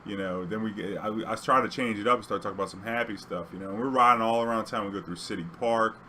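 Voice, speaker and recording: A young man tells a taxi story in a casual, rambling way, filling every pause with "you know." His low voice has a forceful, bright edge, and faint ambient noise sits behind him. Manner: rambling, loose delivery full of "you know".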